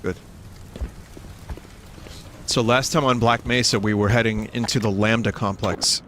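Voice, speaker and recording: A man's voice: on the low side, steady tone, a little slow, fairly bright tone, slight background noise. A man streaming a video game, chatting casually and jokingly, with rambling, self-interrupting talk into a desk microphone. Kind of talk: casual gaming livestream chat.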